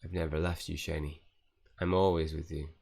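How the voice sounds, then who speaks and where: A kindly young ghost speaks softly, read aloud by a man in a deep, gravelly voice. The tone stays calm and reassuring, like a friend who never left. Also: normal speed, exaggerated voice. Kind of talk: reading game dialogue aloud.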